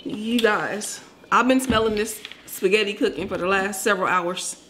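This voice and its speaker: A woman co-hosting a casual eating vlog, chatting to viewers in a lively, friendly way. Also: mid-range voice, normal speed, noisy background. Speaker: vlog co-host. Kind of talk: casual mukbang chat.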